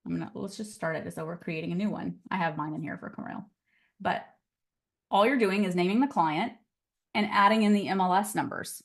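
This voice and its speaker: A woman's voice: on the low side, fairly quick. A woman teaching a casual live online class on real estate, chatty and upbeat and often laughing, on a computer mic over a video call.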